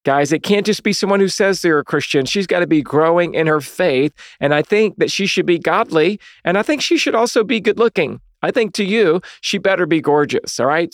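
A man's voice: a little high, dry recording, studio quality. A man telling a personal story in a casual, conversational way, acting out the dialogue, as a Christian dating speaker.

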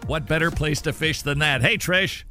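A man hosting a call-in radio show with quick, joking banter. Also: fairly high pitch, bright, forceful tone, soft background music. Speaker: radio host.

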